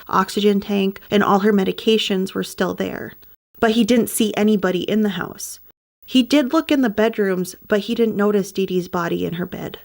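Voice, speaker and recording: A woman tells a true crime story in a relaxed, chatty voice with a gravelly edge, her pitch sitting in an ordinary middle range. She drops in wry side remarks between the facts. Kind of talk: casual true crime narration.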